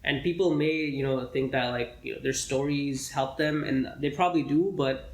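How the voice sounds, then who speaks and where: A young man, a medical student co-hosting a podcast, chatting casually and rambling with lots of fillers and throat clearing. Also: medium pitch, fairly even intonation, moderate pace. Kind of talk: casual chat. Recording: echoey room with faint noise.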